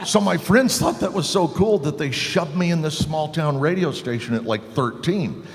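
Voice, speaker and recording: An older man and voice actor telling lively anecdotes at a convention panel, slipping into voices. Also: a little high, normal speed, a little hiss or hum. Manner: animated storyteller, slips into voices. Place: convention hall. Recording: hall reverb.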